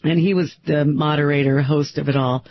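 High-voiced wry radio co-host. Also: male voice, steady tone, a little fast, no echo. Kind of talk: casual talk radio banter. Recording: slightly dull broadcast sound.

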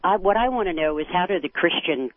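A man's voice: high-pitched, lively intonation, fast, slight background noise. A man calling a radio show to make a pointed argument. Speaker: caller. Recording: phone line call.

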